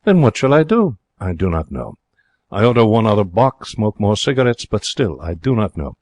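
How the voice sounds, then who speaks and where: An actor playing an excitable young Frenchman in a radio drama, speaking broken English in a French accent with theatrical, emotional delivery. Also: lowish voice, moderate pace, no echo. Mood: wistful. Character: young excitable romantic Frenchman, former hotel cashier. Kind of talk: 1940s radio drama narration.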